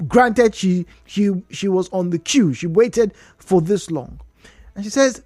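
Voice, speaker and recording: A woman's voice: medium pitch, a little slow, no room sound, soft background music. A woman with a Nigerian accent hosting a radio talk show, telling a story with lots of emphasis and repetition. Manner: animated storytelling, repeats points for emphasis.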